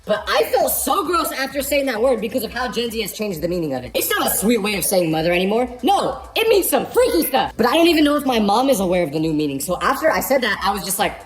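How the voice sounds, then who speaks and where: A young woman rattles off a comedic storytime at a quick clip, her pitch leaping and dipping all the way through. She rants in an exasperated, animated way. The room rings with echo under faint background music. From California. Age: young adult.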